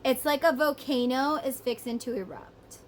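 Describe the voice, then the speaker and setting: A woman's voice: sits high, moderate pace, a little hiss or hum, rough recording. Chatty Southern woman reading tarot. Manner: chatty, rambling, acts out voices. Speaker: tarot reader. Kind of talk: casual psychic reading monologue.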